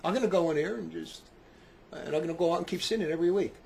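A man in his sixties preaching with passion, dropping to low quiet remarks and rising to shouts. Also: racing, creaky. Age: 60s. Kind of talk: fiery preaching talk.

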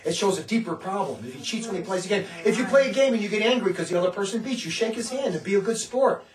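A man's voice: high-pitched, lively intonation, fast, echoey room, distant mic, low-quality recording. A man who leads a religious community, preaching in a fervent, informal way. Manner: fervent, often acts out others' words. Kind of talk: impassioned informal sermon.

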